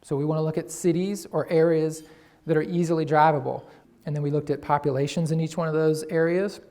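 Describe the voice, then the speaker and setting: A man presenting a tourism marketing campaign to an audience, energetically pitching ideas and playing on words. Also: steady tone, a little fast, warm tone. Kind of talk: presentation to local business audience.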